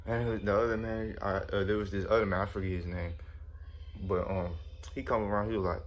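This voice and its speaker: A man's voice: on the low side, fairly even intonation, a little fast, a bit bright, slight background noise. A young man casually telling a story in slangy speech, often saying "you know what I'm saying". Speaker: storyteller vlogger.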